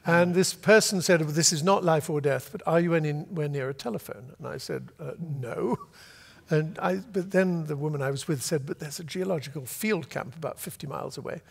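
An older man from Britain, an author telling a long, lively anecdote to a festival audience and acting out the voices he quotes. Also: a little high, fairly quick, creaky, husky, big-room sound. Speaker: author guest. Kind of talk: storytelling at a festival talk. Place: festival venue before an audience.

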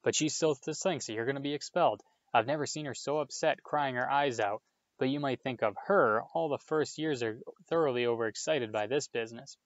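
A man's voice: mid-range voice, brisk, no room sound, muffled recording, close to an everyday voice. A man voicing a bossy teenage prefect who scolds in a fussy, stern way.

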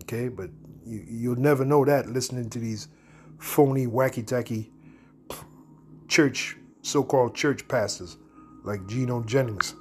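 A man giving a blunt, slangy preaching commentary, reading scripture verses slowly between remarks. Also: medium pitch, a little hiss or hum. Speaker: Bible teacher.

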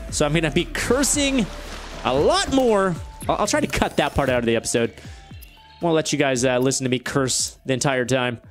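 Lively, exasperated gaming man. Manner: exasperated ranting, pitch jumps when frustrated. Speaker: let's play host. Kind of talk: gameplay commentary.

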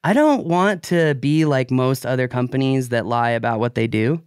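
A man hosting a podcast, talking in a casual, animated and opinionated way and laughing often. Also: mid-range voice, moderate pace, clean tone, no room sound, clean studio sound. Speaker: podcast host.

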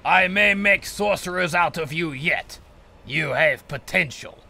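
Man doing a gravelly, bright-toned sorcerer master, grandiose and scornful, formal diction. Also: a little high, measured pace, pitched above the performer's own voice, full character voice. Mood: haughty. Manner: grandiose, haughty, formal speech. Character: pompous male sorcerer mentor, scornful of apprentices. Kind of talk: in-character gaming role-play.

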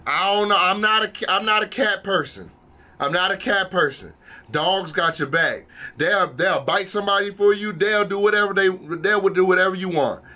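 A man's voice: sits high, moderate pace, pushed and bright. A young man hosting a reaction video, talking in a hyped, slangy, casual way and repeating himself.

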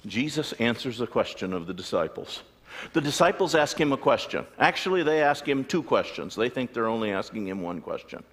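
A man preaching a sermon as a pastor, animated storytelling with acted-out voices. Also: a little high. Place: church sanctuary. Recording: long church reverb.

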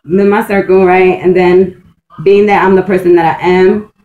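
A woman's voice: on the low side, level tone, normal speed, narrow, tinny audio. A woman vlogging in a casual, rambling monologue. She swears freely, restarts her sentences often and says "like" a lot, and she speaks in a blunt, intense way. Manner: profane, blunt and streetwise; intense and emphatic.

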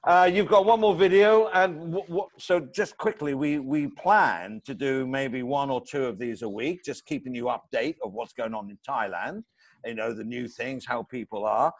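A man co-hosts a casual chat over a video call at an ordinary middle pitch. He talks freely and banters with his co-host in a jokey way. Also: moderate pace.

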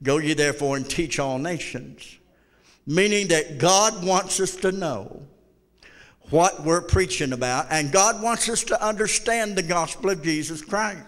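Pastor, male, blunt folksy preacher, sharp tense tone, reverberant sanctuary. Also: a little high, a little slow. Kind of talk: sermon. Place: church sanctuary.

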